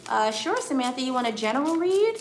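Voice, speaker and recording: An American tarot reader is live-streaming a reading in an echoey room with faint noise behind her. Her high voice is very animated and fairly quick as she reassures viewers, calling them honey and sweetheart and repeatedly asking "okay?"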